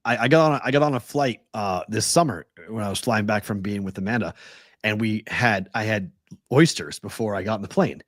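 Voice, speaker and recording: A man's voice: fairly low pitch, a little fast, no room sound, studio quality. A man hosting a podcast in casual chat, rambling and often repeating his words. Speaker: podcast host.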